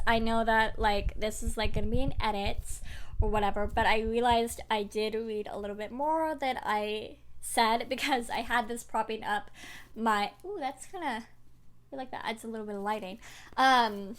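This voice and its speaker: A woman's voice: a little high, unhurried. Chatty young woman book vlogger. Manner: chatty, rambling, many fillers and restarts. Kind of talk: casual to-camera chat. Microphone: desk microphone.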